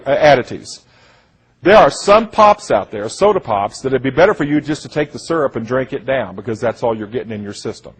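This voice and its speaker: Husky man in an impassioned monologue. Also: fairly high pitch. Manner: earnest, repeats "listen to me", quotes others in voices. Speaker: speaker giving a presentation.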